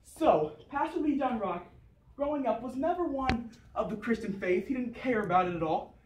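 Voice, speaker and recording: A woman's voice: on the high side, animated, normal speed, a little mellow, far from the mic. A woman giving a mock infomercial speech in hyped sales patter that talks straight to the audience, recorded from afar in an echoey room with faint noise.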